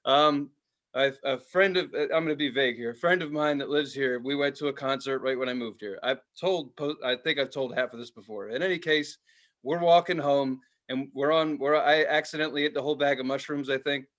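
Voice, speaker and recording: A middle-aged man co-hosting a casual podcast chat, telling a story with lively energy. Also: medium pitch, fairly quick, lo-fi sound. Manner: animated storyteller, acts out quotes loudly. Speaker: podcast co-host.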